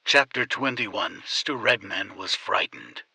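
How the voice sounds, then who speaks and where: A man narrates an audiobook with steady, measured pacing. His voice is low and husky, yet sharply bright on top. It sounds close and dry. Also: dry recording, rough recording.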